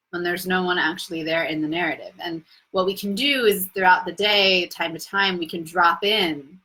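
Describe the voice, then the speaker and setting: A woman's voice: fairly low pitch, pushed and bright, breathy edge, rough recording. A young adult woman hosting a live Q&A as a coach, talking in an effusive, spiritual way and laughing easily. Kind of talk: casual live-stream talk.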